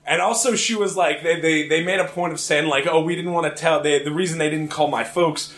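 This young Richmond, Virginia comic does stand-up in a live venue, wandering through a story full of restarts and chuckling at his own lines. He speaks fairly quickly in a slightly bright voice on the high side, with a roomy sound.

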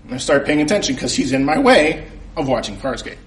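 A man's voice: fairly high pitch, a little fast. A man telling a funny personal story to a crowd, laughing often and poking fun at himself. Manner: animated, laughing often, self-mocking. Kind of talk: comic personal story told to an audience.

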